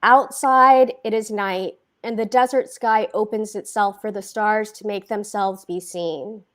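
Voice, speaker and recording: A woman author reading her own fiction aloud at a book event, slow and deliberate with dramatic pauses. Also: mid-range voice, steady tone, fairly bright tone.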